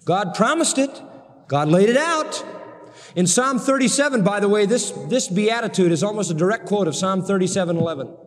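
A man preaching a sermon to a congregation, emphatic and building to excited peaks. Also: high voice, fairly quick, in a large hall. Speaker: pastor.

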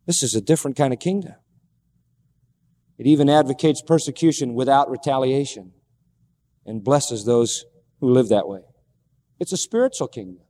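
A man's voice: medium pitch, normal speed, pauses often, warm tone, long reverb tail. A man preaching a sermon emphatically, repeating key phrases and asking rhetorical questions.

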